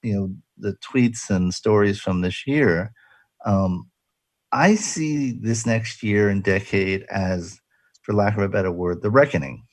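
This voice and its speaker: A man's voice: on the low side, a little slow, no echo. A man hosting a casual radio talk show, chatty and jokey, rambling with restarts.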